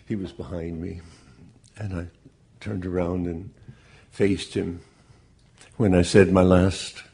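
Speaking slowly and with deep earnestness, a man tells his story in a very low, gravelly voice with a dark, husky tone. His measured delivery has little pitch movement, like a grieving father giving testimony.

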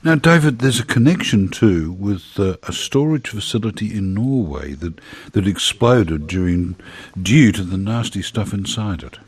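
A man hosts a radio interview in a conversational way, putting questions and reacting with quick quips. His voice sits very low and sounds husky and a little breathy. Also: expressive.

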